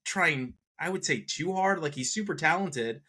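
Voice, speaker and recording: A man co-hosting a casual movie review podcast, rambling and animated as he works through his opinions, often correcting himself mid-sentence. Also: fairly high pitch, normal speed. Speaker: podcast co-host.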